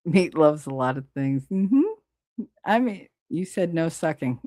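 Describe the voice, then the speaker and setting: A woman's voice: sits low, big pitch swings, slow, warm tone, no echo, studio quality. A middle-aged woman hosting a live stream, chatting casually and bluntly, swearing freely while she reads viewers' comments.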